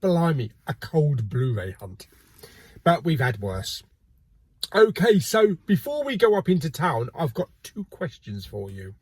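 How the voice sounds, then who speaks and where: A man's voice: fairly high pitch, sing-song, measured pace, darkish tone, slightly rough, no echo. A man hosting a casual shopping vlog, cheeky and jokey, swearing casually. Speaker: video host. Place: car and multi-storey car park.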